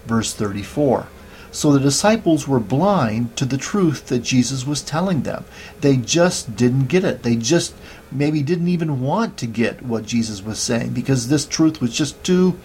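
A man delivers a sermon in a calm, measured voice of middle pitch. He reads scripture aloud and cites each verse as he goes. A faint hiss of noise sits under the recording. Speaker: preacher.

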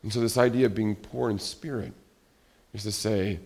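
A middle-aged man preaching a sermon in a conversational, animated way, acting out little everyday scenes. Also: on the low side, normal speed. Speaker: pastor.

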